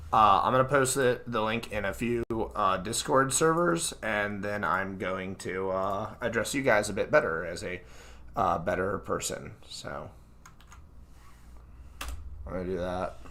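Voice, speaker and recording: A man's voice: lowish voice, a bit bright. A man with a stuffy nose, hosting a live reading of his book from his own room into a computer mic, talking casually with lots of fillers and self-deprecating asides. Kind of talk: casual livestream chat. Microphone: computer mic at his desk.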